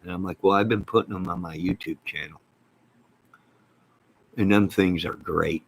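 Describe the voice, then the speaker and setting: Low husky-voiced man, excitable and folksy. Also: moderate pace, low-quality recording. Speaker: channel host. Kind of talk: casual live-stream chat.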